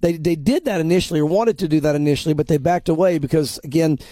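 A man with a high voice and a mellow, dark tone, talking through his views as a pastor on a podcast. He presses his points emphatically and often repeats words as he builds them. The sound is close and dry. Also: fast talker, no room sound. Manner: acts out other people's lines in quoted voices. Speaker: pastor and prophecy commentator. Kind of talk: conversational podcast commentary.

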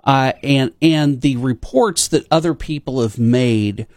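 A man hosting a talk show, speaking haltingly with many pauses and restarts. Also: medium pitch, darkish tone, no room sound, clean studio sound. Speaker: show host.

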